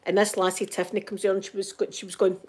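A Scottish woman telling a story in casual chat, gossipy and animated, often checking in with her listener. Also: medium pitch, quick pace, slightly rough. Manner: laughs often while telling. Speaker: channel host.

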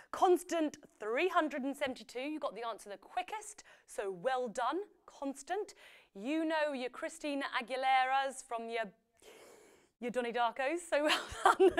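A woman's voice: a little high, clear, resonant tone. A young woman hosting a live quiz on an app, chatty and playful, reading out the answer splits and breaking into bits of songs. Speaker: quiz show host.

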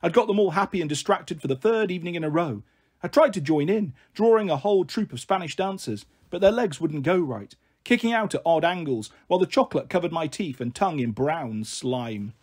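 A man reading a children's novel aloud as narrator, in a plain, steady storytelling manner. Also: fairly high pitch, fairly quick, slightly rough.

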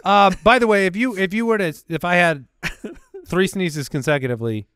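A man's voice: sits high, brisk, fairly bright tone, clear, resonant tone, dry recording, clean studio sound. A man co-hosting a comedy podcast, bantering casually and posing would-you-rather questions with a playful manner. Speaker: podcast co-host.

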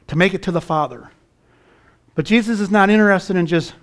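A man's voice: high voice, brisk, pauses often. Fervent preaching man, raised voice. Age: middle-aged. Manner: preaching with rising fervor, rhetorical questions to the congregation. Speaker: pastor. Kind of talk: sermon.

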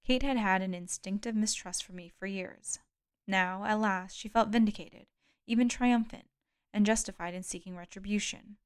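Lady reading a novel out loud, smooth clear voice, dead dry sound, steady and calm. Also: mid-range voice, moderate pace, dry recording. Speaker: audiobook reader. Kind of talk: audiobook narration.

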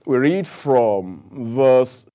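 A man's voice: mid-range voice, extremely slow. A man preaching a sermon, calling on the congregation to answer and repeat after him. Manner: animated preaching with audience call-and-response.

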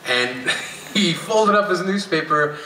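Wry, bright-voiced man telling a story. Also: a little high, animated, takes it slowly, echoey room, recorded from a distance, a little hiss or hum, poor audio. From Canada. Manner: wry, laughing as he tells it. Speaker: spoken word poet. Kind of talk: storytelling to a live audience. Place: outdoor amphitheatre.

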